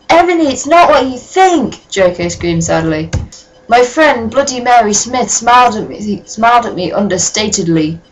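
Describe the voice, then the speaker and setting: A woman's voice: medium pitch, low-quality recording. A woman giving a comic reading of a fan story, breaking in with dry, sardonic asides. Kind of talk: comic dramatic reading with commentary.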